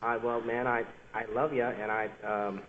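A man's voice: medium pitch, flat delivery, normal speed, distant mic. Flustered front desk man on a muffled call. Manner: flustered, hesitant. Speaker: hotel front desk worker. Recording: muffled phone line with crowd noise.

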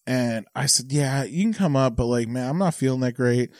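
A man's voice: mid-range voice, normal speed, a little mellow, no echo, clean studio sound. A man, a stand-up comedian, chatting casually on a podcast after a few drinks, rambling with lots of filler words and swearing. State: tipsy.

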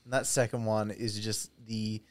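A man's voice: on the low side, little pitch movement, normal speed. A young man chatting casually as a podcast co-host, rambling, stop-start and swearing a lot. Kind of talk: casual chat.

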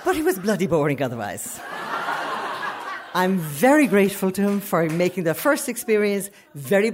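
An Irish woman telling a frank, animated personal story on stage, laughing often as she goes. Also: lowish voice, a little hiss or hum. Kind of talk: live storytelling to an audience.

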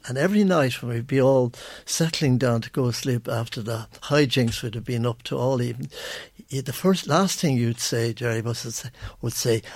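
A man's voice: medium pitch, dry recording. An older man with an Irish accent, a guest on a radio show, telling rambling anecdotes full of restarts. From Ireland. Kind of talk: radio interview.

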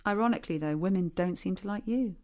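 A man's voice: high-pitched, quick pace, a little mellow, lightly acted. A man voicing his own subconscious as a needling, sarcastic inner voice in a comedy podcast. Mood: teasing. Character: mocking male inner voice, teasing.

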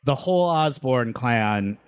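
A man casually telling a story among friends, animated, laughing often and restarting sentences. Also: medium pitch, slow, clear, resonant tone.

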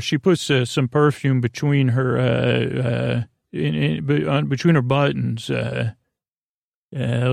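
Man, podcast host, gravelly voice, flat monotone, meandering bedtime recap, lots of fillers, dry close mic. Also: medium pitch, no echo. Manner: meandering, halting, full of fillers. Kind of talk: rambling bedtime episode recap.

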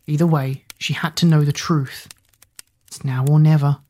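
A woman narrating a storybook in an even, measured reading voice. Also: low voice.

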